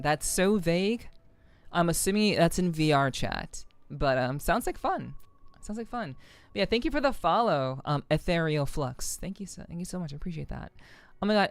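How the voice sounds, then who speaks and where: A woman's voice: lowish voice, clear, resonant tone, dry recording. A woman streaming a game with a slightly sore, scratchy throat, chatting casually and greeting viewers over and over. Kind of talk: casual live-stream chat.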